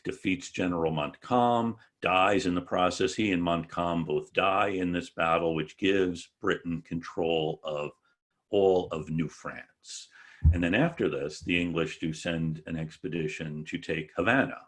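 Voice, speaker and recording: A man's voice: deep voice, steady tone, unhurried. A man giving an online history lecture over a video call, joking and correcting himself as he goes. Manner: digressive, joking asides, self-correcting.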